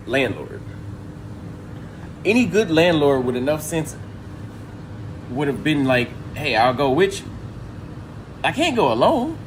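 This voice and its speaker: Male streamer, fired-up storyteller who swears freely, fairly high voice, faint noise behind. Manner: exasperated, profane, acts out dialogue. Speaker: livestreamer. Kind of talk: animated storytelling rant.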